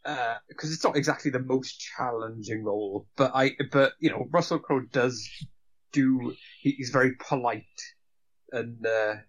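A man talking through a film in a loose, casual chat. He hesitates and restarts often and drops the odd swear word. His pitch sits in the everyday middle for a man. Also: a little slow, highs cut off. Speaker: podcast co-host.

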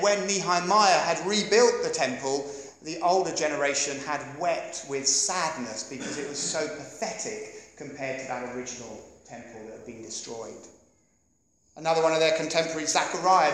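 A man in his thirties with an English accent preaching a sermon, animated and joking with the congregation as he goes. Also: a little high. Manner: animated, jokey asides to the congregation. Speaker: pastor. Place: church hall. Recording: echoey church hall.

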